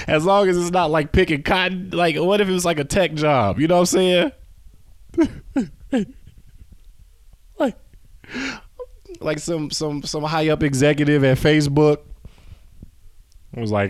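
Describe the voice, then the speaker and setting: A man's voice: a little high, takes it slowly, long pauses, no echo. A man hosting a solo podcast from home, rambling and swearing, often losing his train of thought. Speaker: podcast host. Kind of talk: casual solo podcast monologue.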